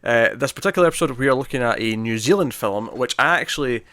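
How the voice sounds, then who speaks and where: Male co-host, casual film talk, giggly and self-correcting, medium pitch, dry booth sound. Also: expressive, fast, fairly bright tone, no room sound. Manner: chatty, laughs often, self-correcting. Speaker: podcast co-host. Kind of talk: casual movie discussion.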